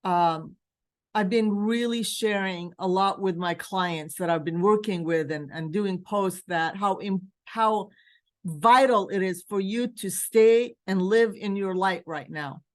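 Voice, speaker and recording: A woman's voice: medium pitch, takes it slowly. A woman from Palestine hosting a virtual spiritual gathering, speaking earnestly and with emotion, urging her listeners, recorded over a video call mic. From West Bank, Palestine. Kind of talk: heartfelt talk to a virtual group.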